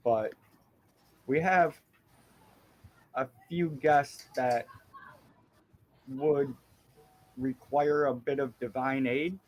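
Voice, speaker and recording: A man narrating a tabletop game as game master in a relaxed, descriptive way. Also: medium pitch, extremely slow, pauses often, low-quality recording.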